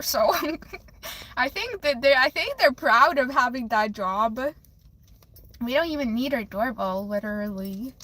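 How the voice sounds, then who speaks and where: A woman's voice: high-pitched, bright, forceful tone, low-quality recording. A young woman hosting a live stream, chatting casually with viewers, giggling often and restarting her sentences with lots of fillers. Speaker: livestream host.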